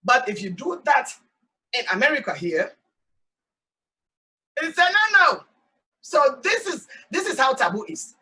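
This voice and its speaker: A Sierra Leonean woman hosts her show in a lively, emphatic way, piling up repeated no's. Her voice is high and bright, a little forceful. She sounds set back from the mic. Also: unhurried, long pauses, distant mic, rough recording. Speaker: host. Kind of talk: casual talk show monologue. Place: outdoors in hot sun.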